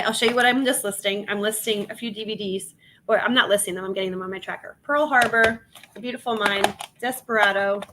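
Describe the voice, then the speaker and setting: A woman's voice: medium pitch, a bit bright, a little hiss or hum. A woman hosting a casual reselling livestream, chatting with viewers while she lists items and laughing often. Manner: chatty, laughs often, reads chat aloud.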